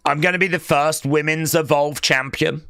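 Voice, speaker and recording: A young man hosting a live wrestling watch-along, calling the action and chatting with viewers, often shouting at big moves. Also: on the high side, steady tone, normal speed, gravelly, no echo, studio quality.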